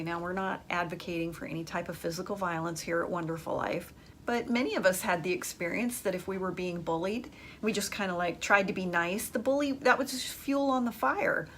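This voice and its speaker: A woman's voice: mid-range voice, fairly bright tone, slight background noise. A woman hosting an advice podcast, speaking emphatically and conversationally as she addresses her listeners directly. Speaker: dating advice host.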